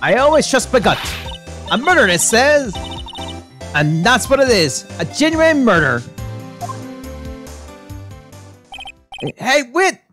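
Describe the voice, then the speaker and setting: A woman voicing a pushy female reporter with a Southern US accent, talking loud and brash, with game music behind. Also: a little high, big pitch swings, unhurried, voice pushed up. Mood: gleeful. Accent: Southern US (attempted).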